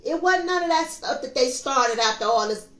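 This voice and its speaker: A woman's voice: sits high, expressive, moderate pace, a bit bright, echoey room, poor audio. A woman hosting a spiritual tarot reading, talking in an impassioned, preachy way and repeating phrases for emphasis. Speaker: tarot reader and show host.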